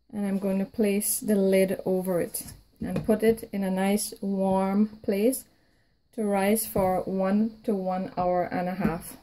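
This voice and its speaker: A home baking cook, a woman, narrates a cooking tutorial in her kitchen, walking through each recipe step with calm encouragement and warm, reassuring promises. Her medium-pitched voice is mellow and relaxed rather than bright, and she's out of breath from kneading. The audio is poor, with faint background noise beneath her speech.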